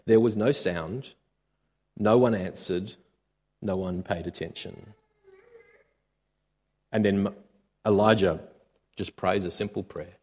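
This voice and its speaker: Male pastor, sermon, expressive, stop-start phrasing, big reverberant hall. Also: fairly low pitch, takes it slowly, long pauses. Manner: expressive, with sudden swings between loud and quiet; often hesitates with "uh" and restarts.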